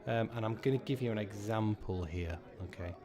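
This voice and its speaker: A man in his thirties hosting a live pub quiz, chatty and sweary, repeating each question slowly. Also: lowish voice, a crowd in the background.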